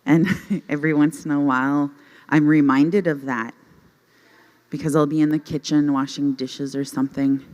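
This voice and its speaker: A woman's voice: low-pitched, little pitch movement, moderate pace, a little mellow. A middle-aged woman telling self-deprecating comedy stories on stage into a handheld mic, often laughing at her own jokes. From Canada. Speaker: stand-up comedian. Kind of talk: stand-up comedy storytelling. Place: stage at a youth conference, before a live audience. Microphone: handheld microphone.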